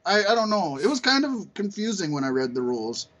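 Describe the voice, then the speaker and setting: With big pitch swings and a fairly bright tone, this man's high voice runs a little fast. He co-hosts a podcast and chats casually, rambling, cursing, and laughing frequently, heard through dull audio.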